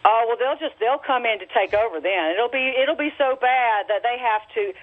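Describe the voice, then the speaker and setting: A hesitant woman calls in to a radio talk show. She speaks haltingly, with fillers and trailing-off sentences. The sound is tinny and thin, like a phone line. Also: a little high. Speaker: caller. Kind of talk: call-in radio chat.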